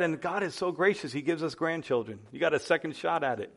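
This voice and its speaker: A man preaching a sermon as pastor, impassioned and swinging between hushed and loud passages. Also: fairly high pitch, quick pace, gravelly, hardly any pauses.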